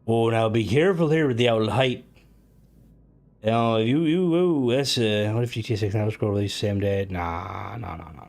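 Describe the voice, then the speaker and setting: A man's voice: lowish voice, normal speed, creaky, a little mellow. A man streaming and chatting casually, rambling with lots of fillers, restarts and swearing. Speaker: game streamer. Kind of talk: casual live-stream chat.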